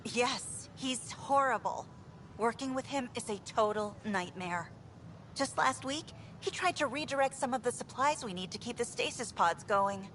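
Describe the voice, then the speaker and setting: A woman's voice: on the high side, normal speed, fairly bright tone, slight background noise, lightly acted. An actress playing a frustrated, outspoken female engineer in a video game. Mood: exasperated. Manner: exasperated, outspoken. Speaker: game character.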